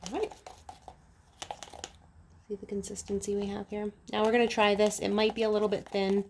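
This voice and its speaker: A woman hosts her DIY video, explaining each step of a craft project in a relaxed, friendly, instructional manner. Her voice sits at a middle pitch, and a faint background noise stays under her speech. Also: normal speed. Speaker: DIY channel host. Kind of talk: casual how-to narration.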